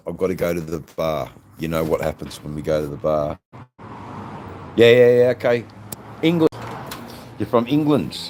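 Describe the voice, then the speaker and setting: A man's voice: low-pitched, a little mellow, a little hiss or hum. An Australian man hosting a casual live stream, rambling and swearing freely as he chats with his viewers. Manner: rambling, swears freely, many "you know"s.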